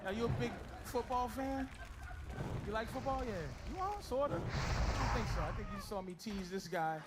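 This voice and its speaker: A middle-aged man works the crowd in a stand-up set, teasing audience members in a very high voice. He swings from loud shouts to low mutters. The live club recording is loud and noisy. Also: animated, normal speed. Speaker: stand-up comedian.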